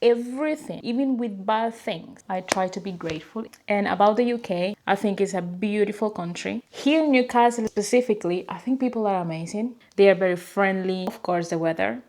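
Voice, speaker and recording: A young woman with a Spanish accent, a native Spanish speaker from a small tropical country, answering viewer questions in a casual, hesitant way with fillers and soft laughs. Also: mid-range voice, a little fast, hardly any pauses. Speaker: vlogger. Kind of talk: casual Q&A to camera.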